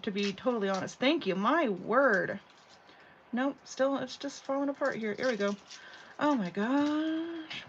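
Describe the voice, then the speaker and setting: This woman's voice is medium in pitch with a fairly bright tone. As a craft channel host running an informal live tutorial from home, she chats and rambles, sprinkling in lots of "like" and "you know." The recording is slightly dull, with a faint hum behind it.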